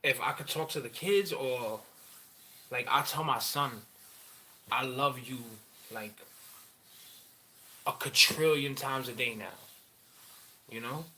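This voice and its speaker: A man in a candid personal monologue, rambling and profane, halting often with fillers as he talks about his feelings. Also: medium pitch, sharp tone, a little hiss or hum. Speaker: father sharing personal story.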